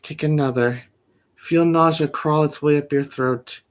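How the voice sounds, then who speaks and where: A poet reads slowly and deliberately, often dropping to a hush. The pitch sits in the middle. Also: steady tone. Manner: slow, measured, often hushed reading. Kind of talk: poetry reading.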